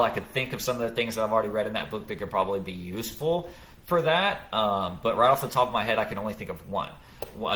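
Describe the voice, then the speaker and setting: A low-pitched man with a bright, forceful tone hosting a casual live podcast. He is middle-aged and explains his ideas patiently, working through examples with frequent restarts. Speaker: podcast host.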